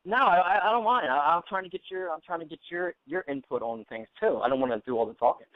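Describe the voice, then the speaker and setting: A man calling in to an internet radio show, talking in a halting way with many restarts and his pitch jumping when he gets flustered. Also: lively intonation, no echo. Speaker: call-in guest. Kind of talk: casual chat over a phone line. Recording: tinny phone line, dry.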